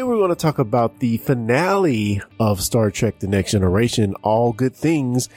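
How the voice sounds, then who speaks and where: A man's voice: fairly low pitch, a little mellow, no room sound. A man hosting a fan podcast, upbeat and chatty as he introduces guests and reads plugs. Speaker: podcast host. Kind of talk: casual podcast chat.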